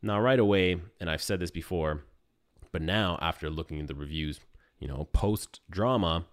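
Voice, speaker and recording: A man in his thirties with a deep, low voice tells a personal story straight to the listener. He is animated, wry and quick to poke fun at himself. The sound is close and dry, with no room around it. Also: no room sound. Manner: animated, wry and self-deprecating. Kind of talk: casual storytelling monologue.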